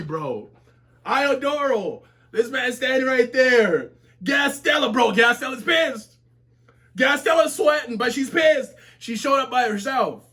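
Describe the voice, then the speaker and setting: High, bright-voiced excitable man reacting. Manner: excitable, profane slang, bursts into shouting. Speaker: webtoon reaction streamer. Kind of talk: live reading reaction.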